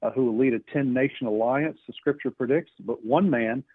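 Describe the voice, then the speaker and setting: An earnest male guest speaks through a tinny phone line, his voice a touch husky. He stumbles through restarts and fillers as he explains his points, and the sound is dry and close. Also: medium pitch, brisk, no room sound. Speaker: author guest.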